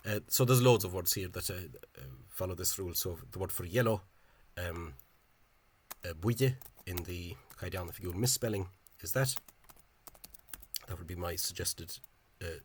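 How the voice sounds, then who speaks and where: A man explaining spelling in a casual, halting monologue. He is opinionated and often repeats words and fills gaps with hesitations. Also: deep voice, husky. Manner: opinionated, dismissive of official spelling. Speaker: language enthusiast explaining spelling.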